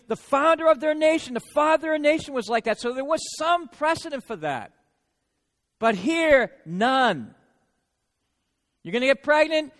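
High-voiced preacher in a reverberant hall. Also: male voice, fairly bright tone. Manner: conversational, often checks in with "right?". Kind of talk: sermon. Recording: long reverb of a large hall.

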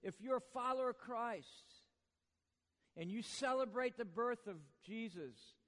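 A man preaching a sermon in a church, swinging from hushed lines to booming ones with joking asides. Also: a little slow, big-room sound. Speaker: pastor.

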